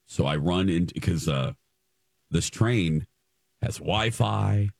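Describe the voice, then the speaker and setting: A man's voice: deep voice, lively intonation, slow, vocal fry, darkish tone, no echo, clean studio sound. A man hosting a radio show, telling a story in casual chat and stumbling over repeated words as he relives the moment.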